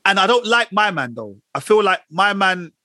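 A young man, chatting fast and slangy on a casual podcast. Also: high voice, sing-song, pushed and bright, no room sound, studio quality.

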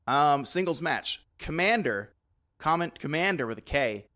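Male co-host, bright tone, rambling chat with high bursts of laughter. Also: animated, measured pace. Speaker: podcast co-host. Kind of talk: casual chat.

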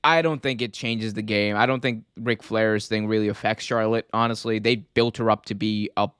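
A man's voice: lowish voice, steady tone, normal speed, fairly bright tone, smooth, no room sound, studio quality. A man co-hosting a casual wrestling podcast, joking around and reading viewer comments aloud. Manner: jokey, reads chat comments aloud. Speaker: podcast co-host.

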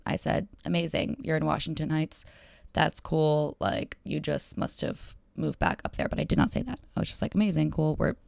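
A woman's voice: low-pitched, normal speed, gravelly, a little mellow, no echo, clean studio sound. A young woman rambling through a dating story to her followers, chatty and full of fillers, acting out each exchange. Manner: chatty and rambling, filler-heavy, acts out dialogue. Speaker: solo storyteller.

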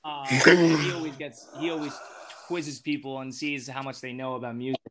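A man's voice: mid-range voice, little pitch movement, moderate pace, crowd noise. An eighteen-year-old man chatting casually as a podcast guest, rambling with lots of fillers and restarts. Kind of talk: casual chat.

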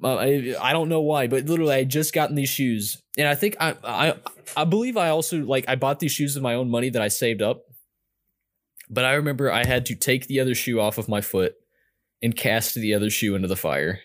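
A man's voice: mid-range voice, fairly quick. A young man telling a story in casual chat, rambling and self-mocking with lots of fillers and restarts.

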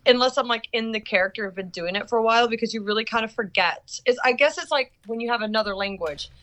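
A woman's voice: a little high, a bit bright. A young adult woman, a guest actress, chatting bubbly and giggly on a podcast. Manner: bubbly, giggly, quick asides. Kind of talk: casual podcast chat.

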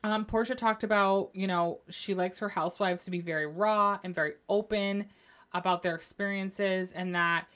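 A young woman hosting a casual solo podcast, recapping reality shows in a gushing, animated way and swearing freely. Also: mid-range voice, moderate pace. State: going through postpartum depression. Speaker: podcast host.

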